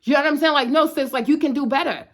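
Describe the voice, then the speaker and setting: A woman's voice: high-pitched, quick pace, fairly bright tone. A woman in her thirties talking straight to her viewers in a blunt, emphatic way, often asking "you know what I'm saying". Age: 30s. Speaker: vlogger. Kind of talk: direct-to-camera talk.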